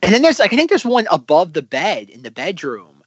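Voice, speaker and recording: Animated man chatting about a film. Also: sits high, a little fast, slightly rough, dry recording, muffled recording. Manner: animated, many "like" fillers. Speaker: podcast co-host. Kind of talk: casual film discussion.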